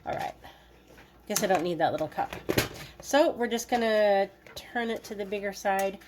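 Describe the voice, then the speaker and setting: A woman's voice: mid-range voice, moderate pace, background noise. A woman hosting a cooking video, chatting casually in a playful, joking way while she works in her home kitchen. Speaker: cooking vlogger.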